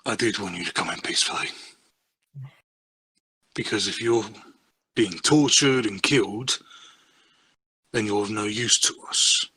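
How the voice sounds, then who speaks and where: A man's voice: on the low side, unhurried, pauses often, sharp tone, husky, no echo, exaggerated voice. A man voicing a blunt, calculating crew member in a tabletop game, matter-of-fact and unapologetic.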